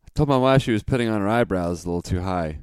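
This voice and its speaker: A man's voice: fairly low pitch, lively intonation, quick pace, smooth, dry recording. A man co-hosting a podcast in casual chat, reading out dad jokes and often breaking into giggles. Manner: giggly, breaks into laughter mid-joke. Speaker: podcast co-host.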